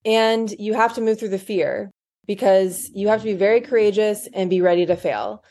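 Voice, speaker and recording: A woman's voice: mid-range voice, fairly even intonation, normal speed, warm tone. A woman co-hosting a podcast who speaks to listeners in a motivational, encouraging way during casual chat. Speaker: podcast co-host.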